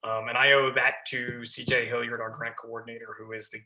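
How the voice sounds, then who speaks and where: Bright-voiced chatty man. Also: mid-range voice, level tone, brisk. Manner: chatty, many fillers and restarts. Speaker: guest, fire lieutenant. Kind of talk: casual podcast interview.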